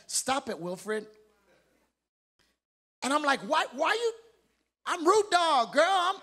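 A man's voice: very high-pitched, sharp tone. A man preaching a sermon as pastor, emphatic, asking the congregation questions and repeating words as he builds. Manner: playful, acts out family members.

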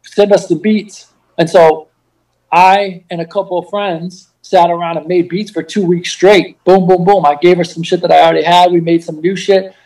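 A man's voice: high-pitched, steady tone, normal speed, darkish tone, recorded from a distance, poor audio. A man telling his story as a guest DJ and producer in a casual interview, rambling and swearing freely. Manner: profane, rambling, repeats himself.

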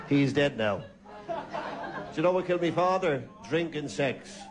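An Irish man doing stand-up comedy, telling one-liners in a dry, rapid-fire way on stage before a live audience. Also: fairly high pitch. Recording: live club recording, loud crowd laughter.

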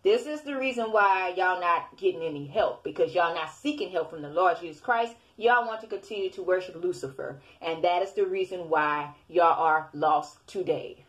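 A woman's voice: fairly low pitch, normal speed, hardly any pauses, a bit bright. A woman preaching informally to an online audience, scolding her listeners and repeating "okay?" again and again. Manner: repetitive, scolding, keeps asking "okay?". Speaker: self-made online preacher.

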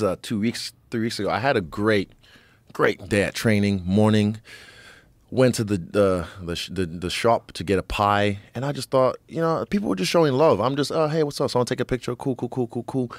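Brief: low-voiced New man, podcast guest, anecdote-heavy, cursing, dry close studio mic. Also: normal speed, no room sound. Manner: storytelling, swearing freely, quoting others with laughs. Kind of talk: casual podcast chat.

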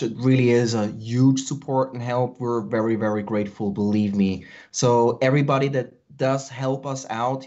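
A man's voice: medium pitch, darkish tone, dull audio. A man co-hosting a beatbox reaction livestream, enthusiastic and thanking viewers often. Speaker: co-host of a beatbox reaction stream. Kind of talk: casual livestream chat.

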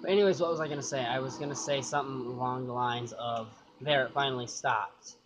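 A man's voice: medium pitch, fast, crowd noise. A man giving loose, rambling gameplay commentary, cursing casually and thinking aloud. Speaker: gaming YouTuber. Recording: dull lo-fi sound with clear noise.

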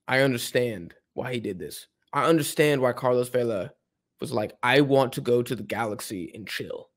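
A man hosting a football video, talking casually in an animated, opinionated, rambling way. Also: mid-range voice. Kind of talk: casual football rant to camera.

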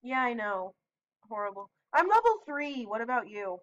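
Brief: high-pitched woman, excitable gameplay host, slightly muffled lo-fi mic. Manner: excitable, yelping protests and quick asides. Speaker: gaming video host. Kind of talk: casual gameplay commentary with friends.

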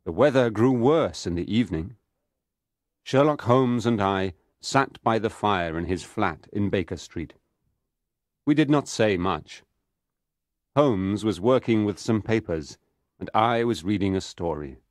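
A man with a very low voice narrates a story for English learners. He reads slowly and clearly, and the recording is dry and close with no room sound. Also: lively intonation, dry recording. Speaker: audiobook narrator. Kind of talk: scripted first-person narration for English learners.

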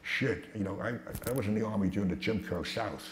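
A man's voice: on the low side, fairly quick. An older man telling blunt, profane stories to an audience, stammering and restarting as he goes. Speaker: speaker at a talk. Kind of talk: anecdotal storytelling talk. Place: hall with a live audience. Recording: echoey hall with some noise.

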